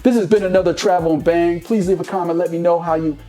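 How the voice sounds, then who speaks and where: A man's voice: high-pitched, steady tone, fast, dark tone, faint music behind. A man hosting a casual dating advice monologue, who keeps checking in with "you know what I mean?".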